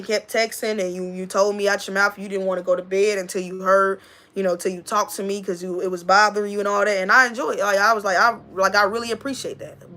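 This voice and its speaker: A woman's voice: mid-range voice, pushed and bright. A woman, talking casually and emphatically to her livestream viewers, repeating her points and addressing a friend directly. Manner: emphatic, repeats herself, talks straight to a friend. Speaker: livestream host.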